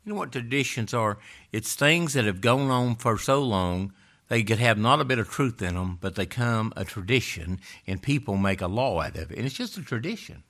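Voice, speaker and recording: A man preaching a sermon, reading scripture and rising to loud emphatic peaks before dropping low again. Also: expressive, moderate pace.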